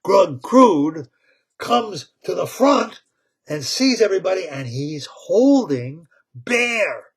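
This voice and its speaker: A man retelling a story with excitement, repeating words, laughing and tripping over tongue twisters. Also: high-pitched, takes it slowly, slightly rough.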